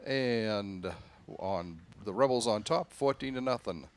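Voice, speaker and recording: A man announcing play-by-play for a local high school football game, his voice jumping up in pitch and volume on the big runs. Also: slow pace. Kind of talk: play-by-play commentary.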